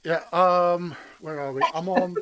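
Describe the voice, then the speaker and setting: A man's voice: high voice, steady tone, unhurried, a bit bright, muffled recording. A man hosting a casual interview, enthusiastically promoting his guest's book to viewers. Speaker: interview host. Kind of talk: casual online interview chat.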